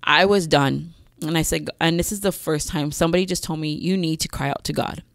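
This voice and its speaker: A woman telling her life story as a podcast guest, speaking candidly and pausing often with "um.". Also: low voice, no echo, clean studio sound. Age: adult mother with several children. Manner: candid, frequent "um" pauses, acts out her past self. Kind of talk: personal testimony in a podcast interview.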